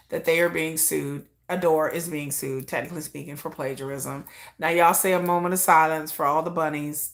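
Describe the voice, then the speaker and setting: A woman's voice: on the low side, a bit bright. A middle-aged woman hosting a livestream in a casual, self-mocking chat, laughing often and talking straight to her viewers. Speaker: livestream host.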